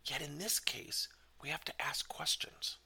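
A man giving a motivational business talk as a leadership coach, emphatic and animated, asking many questions. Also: fairly high pitch, a little slow, breathy edge.

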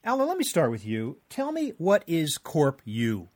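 A man hosting an interview podcast, reading a scripted introduction and then asking guests measured questions. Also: a little high, huge pitch swings, darkish tone, no echo. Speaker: podcast host.

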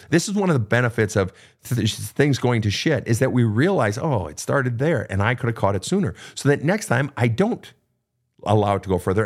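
A middle-aged man hosting a show, giving blunt, profane, direct advice to listeners' questions without a script. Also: lowish voice. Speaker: podcast host answering listener questions. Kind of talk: unscripted advice talk.

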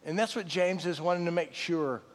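A middle-aged pastor preaches a sermon in a relaxed, storytelling way. His voice sits a bit high for a man and swings from quiet to loud bursts. A long reverb trails each phrase, as in a big church hall. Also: a little fast. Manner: conversational storytelling with laughs and sudden loud bursts.

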